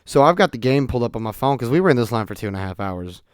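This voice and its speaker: A young man telling stories in an animated way on a casual podcast monologue. He swings between loud outbursts and quiet asides. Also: medium pitch, very fast, smooth, no echo, studio quality. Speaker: podcast host.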